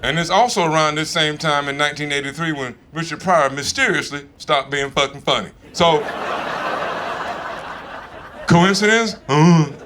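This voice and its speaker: A man in his fifties with a Southern American accent, doing a stand-up comedy set in a relaxed, conversational and profane way. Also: fairly high pitch, normal speed, background noise. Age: 50s. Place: comedy stage in front of a live audience.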